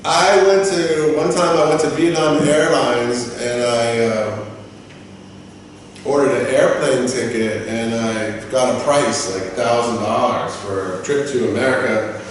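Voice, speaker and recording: In an echoey room with a distant mic and a bit of hiss or hum, a man speaks a little slowly while teaching a business English lesson. He lectures through personal customer service anecdotes, animatedly acting out staff and customers and pitching quoted staff higher.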